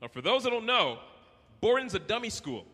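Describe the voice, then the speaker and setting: A man's voice: sits high, very animated, a little fast, sharp tone, slightly rough. A man from Canada performing a brash, profane stand-up comedy routine at a live venue. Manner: brash, profane, acts out voices. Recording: echoey hall with faint noise.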